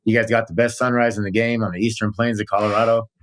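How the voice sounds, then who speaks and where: A man telling his story in a casual interview, earnest and animated, with many fillers and moments of emotion. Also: lowish voice, quick pace. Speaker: guest.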